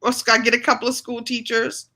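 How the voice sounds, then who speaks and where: A woman's voice: a little high, completely flat delivery, fast talker, pushed and bright. A woman from New York hosting a live session, chatting playfully and often laughing as she plays an improv game with viewers. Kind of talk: lively live-stream chat with an improv game.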